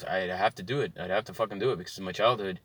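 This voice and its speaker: Brief: thirties man, bright forceful voice, dry close sound, profane car rant. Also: low-pitched, rapid-fire, no room sound. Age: 30s. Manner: swears constantly, heated and animated. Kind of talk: profane ranting monologue. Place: inside a car.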